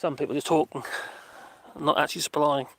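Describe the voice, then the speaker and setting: A man's voice: fairly high pitch, steady tone, brisk, creaky, a bit bright, no room sound. A man chatting casually and rambling through a live stream on a dog walk, reading out viewer comments and talking to his dogs. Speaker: vlogger reading live chat.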